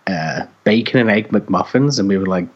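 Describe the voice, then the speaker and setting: A man co-hosting a podcast, telling a story in casual chat, animated and swearing freely as he acts out other people's voices. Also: on the low side, moderate pace, muffled recording. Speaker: podcast co-host.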